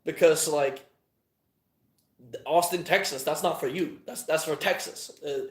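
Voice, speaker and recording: Man, fairly high voice, meandering profane chat, halting delivery, roomy echo. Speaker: channel host. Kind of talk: casual rambling monologue. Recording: echoey room.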